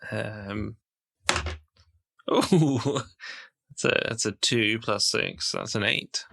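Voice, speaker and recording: A man's voice: lowish voice, drawn-out words, gravelly, sharp tone. A man playing a tabletop game, chatting casually and hesitantly with chuckles. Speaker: player.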